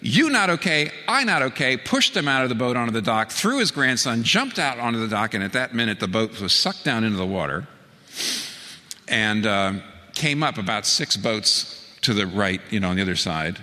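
A man preaching a sermon, his voice bright and forceful as he tells a story. He acts out quoted lines, jumping up high in pitch for them. The sound carries a long reverb of a large hall. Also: expressive, moderate pace. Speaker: pastor.

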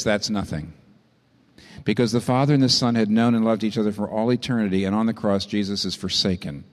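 A man preaching a sermon, impassioned, often climbing sharply in pitch to drive a point home. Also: in a large hall. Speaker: pastor.

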